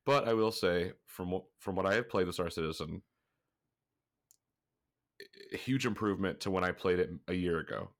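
Deep-voiced and fast-talking, this man has a fairly bright tone. He co-hosts a gaming podcast in a casual, slightly congested way, rambling, swearing liberally, and laughing frequently.

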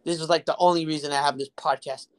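A man's voice: a little high, steady tone, fast talker. A young man from South Texas hosting a casual podcast, telling crude, rambling stories full of fillers and jokes. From Rio Grande Valley, Texas. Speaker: podcast host.

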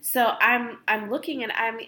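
Woman, mother, bright chatty delivery, faint hiss behind. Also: fairly high pitch, steady tone, normal speed. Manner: chatty, many "like" fillers. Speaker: podcast co-host, mother. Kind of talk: casual chat.

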